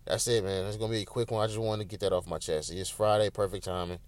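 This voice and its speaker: A man's voice: lowish voice, fairly even intonation, fast talker. A man hosting a solo podcast in casual, emotional, rambling talk with lots of swearing, recorded in a small home room. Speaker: podcast host.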